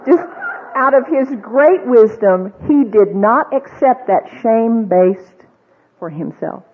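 Husky woman teaching over a tinny line. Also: a little high, expressive, slow. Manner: conversational, asks the audience many questions; acts out quoted voices, with fillers and restarts. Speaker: Bible teacher. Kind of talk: teaching talk to a women's group. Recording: tinny, phone-like old recording.

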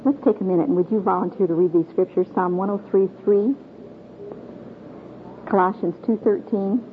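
A woman's voice: mid-range voice, fairly even intonation, normal speed. A middle-aged woman from Michigan teaching a Bible class to a group in a folksy, earnest way, asking her listeners questions. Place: meeting room with a group. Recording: tinny phone-like old tape with faint hiss.

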